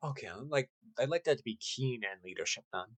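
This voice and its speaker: A man running a tabletop role-playing game, narrating in a casual, halting way. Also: medium pitch, expressive, fairly bright tone, no echo, rough recording. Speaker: game master.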